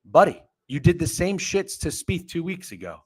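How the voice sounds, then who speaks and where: A man's voice: sits high, normal speed, husky. A man hosting a casual sports betting talk show, ranting and swearing. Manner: profane, ranting, animated. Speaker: podcast host.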